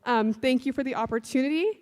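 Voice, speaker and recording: A young woman giving an emotional, halting acceptance speech as a newly elected student president, grateful and at a loss for words. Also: high-pitched, darkish tone. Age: young adult. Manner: halting, grateful, restarts often. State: emotional, tearful. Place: large hall. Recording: long reverb in a large hall.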